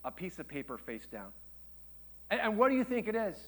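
A man in his thirties preaching a sermon, telling a personal story with rhetorical questions and dropping to a hush for emotional points. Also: high voice, big pitch swings, fairly quick. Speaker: pastor.

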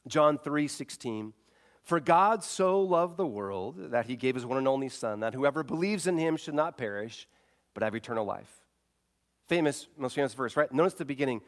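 A middle-aged pastor preaching a sermon, rising loud on key points and dropping to a hush when he tells a family story. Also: medium pitch, animated, moderate pace. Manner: quotes scripture and retells conversations.

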